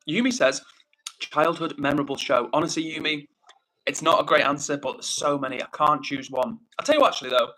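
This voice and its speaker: Bright-voiced English man hosting a livestream. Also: fairly high pitch, normal speed. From England. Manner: reads viewer comments aloud and gives friendly shout-outs. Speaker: livestream host. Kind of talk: casual live-stream chat.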